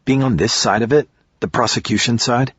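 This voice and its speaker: A man's voice: medium pitch, a little fast, a bit bright, slightly rough, dry recording, lo-fi sound, voice pushed up. A man doing a wry, teasing office woman. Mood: friendly.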